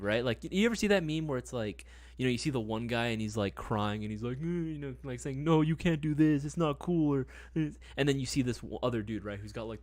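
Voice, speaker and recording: A man's voice: mid-range voice, no room sound. Laid-back slangy young man, dry sound. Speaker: livestream host. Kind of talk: casual live-stream product chat.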